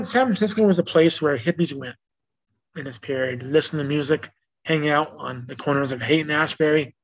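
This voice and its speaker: A man hosting a casual solo music-history podcast. He reads from notes and drifts into rambling asides full of restarts and self-corrections. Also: a little high. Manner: reads out notes in a plain informational way. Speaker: podcast host. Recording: dull lo-fi recording.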